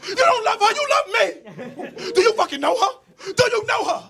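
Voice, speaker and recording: A man's voice: very high voice, big pitch swings, normal speed, gravelly, sharp tone, pitched above the performer's own voice, exaggerated voice. A man voicing a furious, jealous young girlfriend who screams her accusations.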